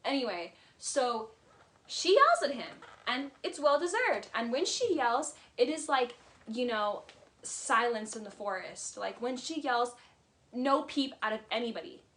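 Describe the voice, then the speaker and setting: A woman's voice: on the high side, expressive, measured pace, a bit bright. A woman vlogger giving a casual, heated recap of a reality show, blunt and swearing freely. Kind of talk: casual commentary.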